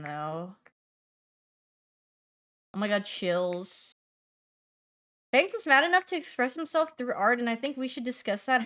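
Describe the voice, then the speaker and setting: On a laid-back stream, a young woman with a higher-pitched voice responds to her chat in a playful, talkative way. She shifts from sudden loud bursts to murmured side comments.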